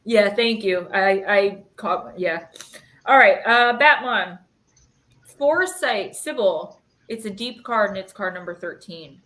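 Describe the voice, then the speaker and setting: An intuitive card reader in her thirties talks her way through emotional, rambling, filler-heavy readings on a live stream, the room echoey around her. Her voice is mid-range and a bit bright.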